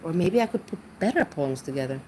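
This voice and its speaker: Rambling low-voiced woman streamer. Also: animated, fast talker, dark tone, a little hiss or hum, low-quality recording. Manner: rambling, searches for words, restarts often. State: intoxicated. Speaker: livestreamer reading chat. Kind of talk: casual livestream chat.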